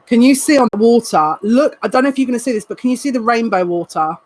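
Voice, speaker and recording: A psychic reader, a woman with a voice on the high side, gives viewers a live card reading, excitable and emotional and full of quick asides. The recording is low-quality.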